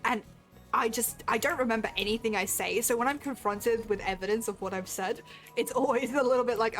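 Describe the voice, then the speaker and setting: A woman's voice: a little high, brisk, a bit bright, soft background music. Giggly self-deprecating woman streamer. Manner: self-deprecating, laughs often, talks to chat. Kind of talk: casual gameplay commentary.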